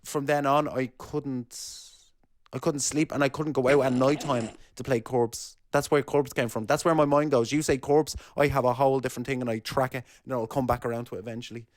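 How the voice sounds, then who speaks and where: Irish male co-host, young, rambling and jokey, mid-pitched. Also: steady tone, brisk. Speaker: podcast co-host. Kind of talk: casual chat.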